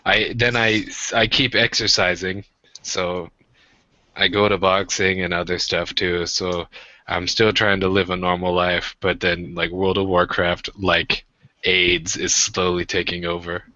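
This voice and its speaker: Low bright-voiced man, profane and joking. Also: flat delivery, measured pace, dry recording, muffled recording. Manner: profane, self-mocking, jokey storytelling. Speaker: podcast co-host. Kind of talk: casual rambling chat.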